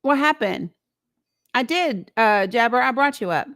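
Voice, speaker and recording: A woman's voice: on the high side, lively intonation, unhurried, a bit bright. A woman hosting a live call-in show, talking in a conversational, reflective way and asking her listeners rhetorical questions. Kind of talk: encouraging live-stream talk.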